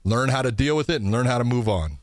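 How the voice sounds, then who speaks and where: Co-host, male, excitable and profane, casual chatter, dry recording. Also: mid-range voice, fast talker, no room sound. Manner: loose, profane, excitable with lots of fillers. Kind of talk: casual podcast chat.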